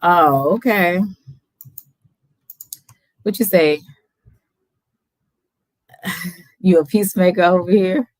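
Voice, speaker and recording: Laid-back woman streamer, low voice. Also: slow pace, long pauses, dry recording. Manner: laid-back, chatty, laughs often. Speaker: livestream host. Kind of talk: casual livestream chat.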